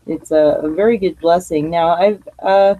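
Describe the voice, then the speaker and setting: A woman with a fairly low, mellow voice talks at a moderate pace on a low-quality recording. She's hosting a casual live radio show from her living room, rambling and chatting while laughing at herself.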